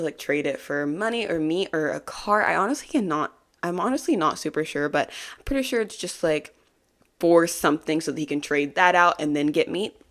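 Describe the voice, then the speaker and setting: A woman with a low voice hosts a casual podcast recap, rambling through an episode with frequent little giggles. Her talk is loose and filled with ums and likes. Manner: chatty and giggly, full of fillers. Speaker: podcast host.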